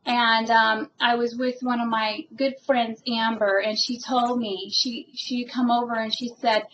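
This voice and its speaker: A woman with a somewhat high voice talks in a casual personal monologue, earnest and emotionally moved. She rambles and pauses with plenty of fillers. The audio is dull and lo-fi with a faint hiss. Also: little pitch movement, fairly bright tone. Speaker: spiritual vlogger.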